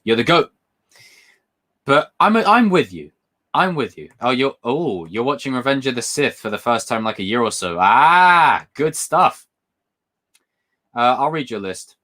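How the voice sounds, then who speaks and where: A young man chats on a livestream, his pitch swinging up and down as he gets carried away. He rambles and circles back, repeating phrases while he thinks out loud. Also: unhurried, pauses often. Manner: excitable, rambling, repeats himself. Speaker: livestream host. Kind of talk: casual live-stream chat.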